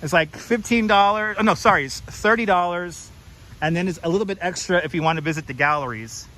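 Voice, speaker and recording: A man's voice: sits high, a little fast, bright, forceful tone, poor audio. Chatty New man vlogging outdoors. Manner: chatty, jokey, reads sign text aloud, greets viewers. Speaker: livestream host. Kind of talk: walking livestream chat. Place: outdoors in a forest garden. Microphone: wireless clip-on mic.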